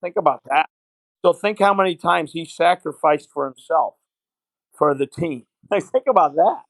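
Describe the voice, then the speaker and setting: Man, middle-aged coach, storytelling guest, fairly high voice, dry close sound. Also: animated, moderate pace, gravelly, dry recording, low-quality recording. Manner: anecdotal, retells conversations in quotes. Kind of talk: interview storytelling.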